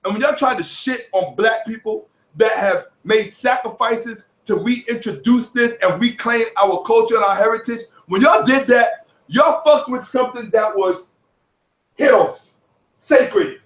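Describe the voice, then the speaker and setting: A man giving heated commentary on other online creators, boastful and profane, sometimes shouting. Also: very high-pitched, a little slow. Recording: echoey room, distant from mic, dull audio.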